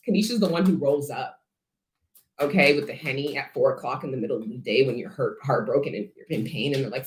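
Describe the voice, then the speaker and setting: A woman's voice: a bass voice, a little fast. A woman giving a collective tarot reading, talking bluntly and profanely with rambling asides. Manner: rambling, self-interrupting asides. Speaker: tarot reader. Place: her studio. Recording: echoey room.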